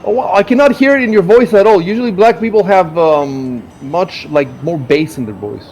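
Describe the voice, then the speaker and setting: A man hosting a live game stream, chatting casually with a slightly higher than average voice. He rambles and halts, often restarting his sentences as he goes. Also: darkish tone, a little hiss or hum. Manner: rambling, halting, frequent restarts. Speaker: stream host. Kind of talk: casual chat.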